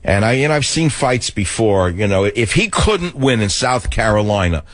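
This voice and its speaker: Older New man, low voice, rambling sarcastic radio monologue. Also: sing-song, normal speed, hardly any pauses, dry recording. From the Bronx, New York. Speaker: talk radio host.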